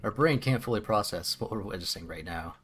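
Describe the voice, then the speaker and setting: Guy streaming a game, lowish voice, jokey storyteller narration. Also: lively intonation, a little fast, fairly bright tone, a little hiss or hum.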